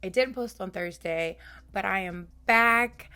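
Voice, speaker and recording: A woman's voice: medium pitch, a little slow, bright, forceful tone. A woman hosting her own true crime channel, telling stories to camera in a casual, chatty way, her voice strained with its upper range gone. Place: home room, lawn mowing heard outside.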